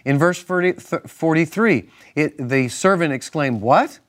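A man's voice: on the high side, animated, a little slow. A male minister teaching from the Bible on a Christian talk show, emphatic and repetitive in a preacherly way.

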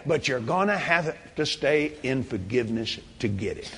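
High bright husky preacher man in a hall. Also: very animated, moderate pace, few pauses. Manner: preaching, quoting scripture, shouting praise. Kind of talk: sermon.

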